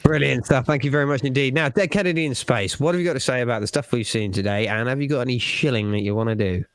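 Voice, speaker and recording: A man hosting a casual online panel chat, lively and quick to laugh and swear. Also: medium pitch. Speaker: panel host.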